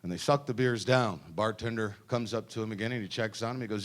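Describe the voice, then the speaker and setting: A man's voice: on the low side, fairly quick, few pauses. A man performing a stand-up comedy routine at a party, joking and teasing the audience. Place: party venue with a live audience.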